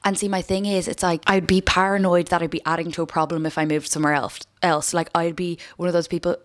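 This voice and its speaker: A woman's voice: lowish voice, flat delivery, quick pace, dry recording, clean studio sound. A young Irish woman vlogging at home, chatting to camera in a rambling, self-mocking way. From Ireland. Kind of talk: casual chat to camera. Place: room at home.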